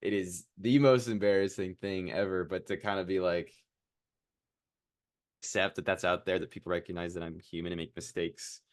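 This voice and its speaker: Low-voiced young man, rambling and self-mocking. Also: fairly even intonation, normal speed, dry recording, studio quality. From Iowa. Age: 20s. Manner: rambling, filler-heavy, laughs at himself. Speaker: podcast guest. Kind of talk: casual interview chat.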